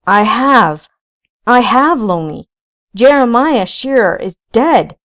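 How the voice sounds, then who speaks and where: A woman reading aloud voices a guilt-ridden male bounty hunter who pleads in loud, quivering anguish. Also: on the low side, slow pace.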